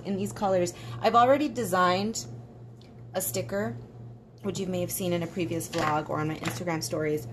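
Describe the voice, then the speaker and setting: A woman's voice: lowish voice, noisy background. Chatty, self-mocking woman artist. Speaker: artist and vlogger. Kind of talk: casual chat while coloring.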